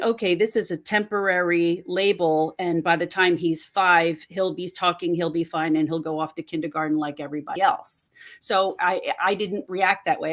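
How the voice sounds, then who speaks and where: A middle-aged woman, telling a personal story in an interview and often restarting her sentences with fillers. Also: on the low side. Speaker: guest, autism parent and podcaster. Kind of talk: conversational interview.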